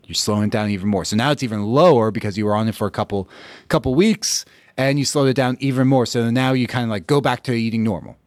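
A man hosting a podcast as a fitness coach, talking bluntly and casually with frequent swearing and quick acted-out reactions. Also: medium pitch, no echo, clean studio sound. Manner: blunt, profane, acts out listeners' reactions. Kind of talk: casual solo podcast monologue.

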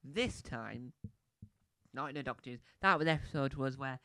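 A man talks through a film review in a loose, rambling way, full of restarts and side tracks. His voice is smooth and resonant at a middle pitch. The sound is close and dry. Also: animated, normal speed, bright, forceful tone, no room sound. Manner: rambling, chatty, with many restarts and asides.

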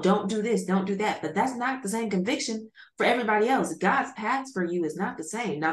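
Lady podcast cohost, kinda low voice, blunt and opinionated, roomy echo. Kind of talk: casual chat. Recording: echoey room.

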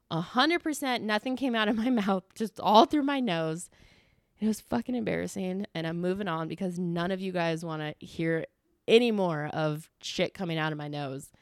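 Animated American woman, dry close mic. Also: medium pitch, no room sound. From United States. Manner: animated storytelling, laughs at herself, swears casually. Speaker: podcast host. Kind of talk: casual solo podcast chat.

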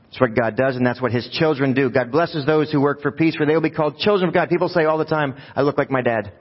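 A man's voice: fairly high pitch, steady tone, fast talker. A man preaches a sermon in a church sanctuary, talking to the congregation like a conversation and tossing them rhetorical questions. His voice carries a long hall reverb. The recording sounds muffled and dull. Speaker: pastor.

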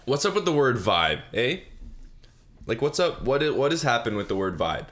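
A man's voice: mid-range voice, sing-song, normal speed, a bit bright. A young man hosting a solo podcast, rambling goofily, mocking himself and laughing at his own jokes. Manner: mock-sobbing bit, put-on crying. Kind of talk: rambling solo comedy chat. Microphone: desk mic.

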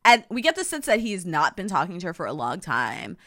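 A bright, lively woman co-hosting a chatty podcast, swinging her pitch wide as she acts out what characters said. She laughs often and keeps the story rolling. Her voice sits close and dry, with no room sound behind it. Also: quick pace, dry recording. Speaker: podcast co-host. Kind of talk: casual chat.

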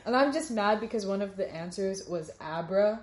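Girl hosting a podcast, dry teasing jokes, mid pitch. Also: animated, moderate pace, echoey room, a crowd in the background. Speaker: podcast host. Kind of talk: casual chat.

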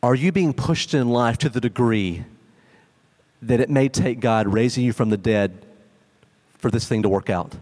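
A man's voice: mid-range voice, moderate pace, long pauses, darkish tone. A young adult man preaching a sermon as pastor, talking in a casual, conversational way with frequent fillers, in a church sanctuary. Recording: long hall reverb.

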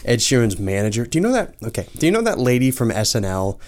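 A man's voice: mid-range voice, sing-song, fast talker, a little mellow. A young man co-hosting a podcast, chatting casually and rambling with lots of ums and restarts. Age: young adult. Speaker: podcast co-host. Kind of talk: casual chat.

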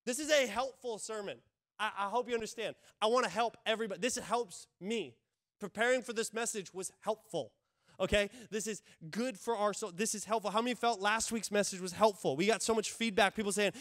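A man's voice: sits high, fairly quick, fairly bright tone, dry recording, clean studio sound. A male pastor preaching a sermon emphatically, repeating key phrases and putting questions to the congregation.

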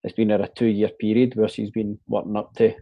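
Scottish male host, low, gravelly and husky, dry sound. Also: little pitch movement, fast talker, dry recording, lo-fi sound. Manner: chatty, says "mate" and "man" often. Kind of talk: casual chat.

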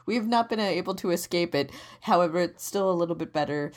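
A woman's voice: on the low side, quick pace. A woman co-hosting a comedy show, teasing her partner in casual, dry banter. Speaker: co-host.

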